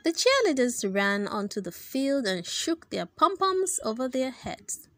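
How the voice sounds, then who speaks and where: A woman reading a children's book aloud in an expressive, animated storytelling manner. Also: sits high, unhurried, dry recording.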